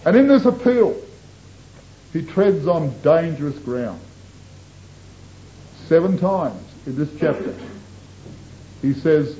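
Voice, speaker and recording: Impassioned preacher on old lo-fi tape. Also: male voice. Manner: impassioned, swings between soaring and hushed. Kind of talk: sermon. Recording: dull lo-fi tape with faint rumble.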